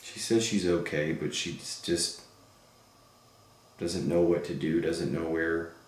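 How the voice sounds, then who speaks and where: A man working as a paranormal investigator, speaking gently and reassuringly to spirits. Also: low-pitched, steady tone, slow pace. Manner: soothing and reassuring. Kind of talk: slow, gentle address to spirits. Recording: echoey room, far from the mic, faint noise.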